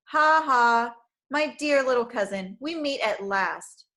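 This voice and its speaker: A taunting, sneering male bully, loud and mocking, drawing out his threats slowly, as a woman reading a storybook puts him on. He sounds cruel and pleased with himself. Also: a little high, animated, exaggerated voice.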